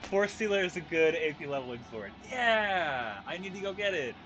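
A man's voice: sits high, lively intonation, moderate pace, music in the background. A man streaming a video game, venting his frustration and cursing casually as he plays. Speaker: gaming streamer. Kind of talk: casual gameplay commentary.

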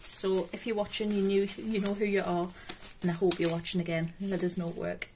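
This is a budgeting vlogger with a Geordie accent, counting cash for her budget while chatting casually and talking to herself. She speaks fairly quickly in a medium-pitched, level, somewhat dark voice. Background noise of rustling notes comes through clearly.

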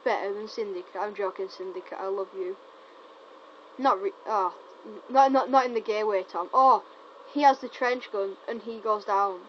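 A woman giving casual, teasing gameplay commentary, excitable and often stumbling over her words. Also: mid-range voice, normal speed. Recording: dull lo-fi recording with faint noise.

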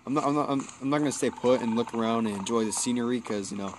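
A man giving casual let's play commentary, excitable and jumpy, swearing when startled. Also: medium pitch, racing, background noise. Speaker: gameplay commentator.

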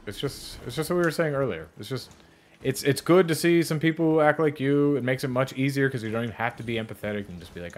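A young man hosting a casual reaction chat while gaming, loose and profane, laughing often. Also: medium pitch. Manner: loose, profane, laughs often, slips into exaggerated quoted voices. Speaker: YouTube host reacting to a video while gaming.

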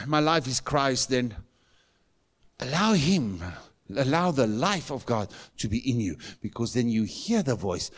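A middle-aged man with a South African accent, preaching a sermon in a church and telling stories with emphatic, rising calls. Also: mid-range voice. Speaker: pastor.

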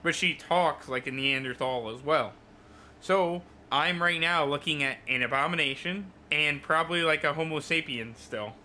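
A man's voice: fairly high pitch, normal speed, pushed and bright, slight background noise. A young man livestreaming, telling an exasperated, profane story about a rude customer in a casual rant full of fillers.

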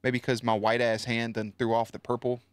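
A man's voice: mid-range voice, flat delivery, brisk, smooth, dry recording, soft background music. A man streaming live, chatting loosely and swearing as he tells a story to his viewers, with many restarts.

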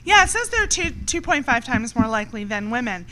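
Woman host, bright and a bit high, blunt and profane, light background hum. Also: sing-song, brisk, low-quality recording. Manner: frank, swears freely. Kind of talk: casual chat.

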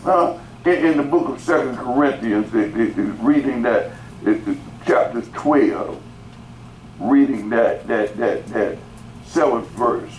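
A man's voice: mid-range voice, unhurried. A male pastor preaches a sermon, repeating words and calling out to the congregation in rising bursts. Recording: roomy echo, faint background noise.

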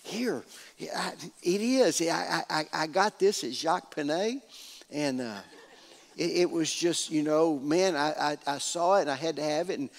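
A man's voice: a little high, moderate pace, gravelly, long reverb tail. A man voicing a flustered young man who stammers sheepishly over his new suit.

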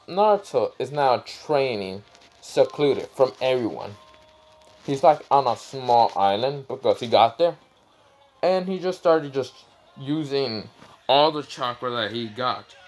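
A man's voice: medium pitch, measured pace, poor audio. A man casually narrating a fan story, rambling and searching for words as he goes. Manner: rambling, fillers like "what's it called".

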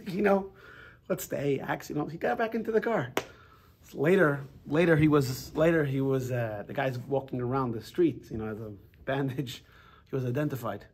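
Husky-voiced man teaching a casual Torah class. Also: mid-range voice, normal speed. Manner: animated storytelling with frequent restarts.

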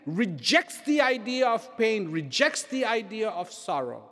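High, lively man with emphatic repetition. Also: long reverb tail. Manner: slow, emphatic, repeats key phrases; drops to soft, trailing low phrases. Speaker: speaker. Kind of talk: reflective inspirational talk.

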